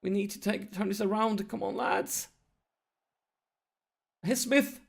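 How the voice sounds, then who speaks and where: A man narrating his football management game, swinging from quiet muttering to shrieking excitement. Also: sits high, moderate pace, gravelly. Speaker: let's play gamer. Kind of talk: excitable live game commentary.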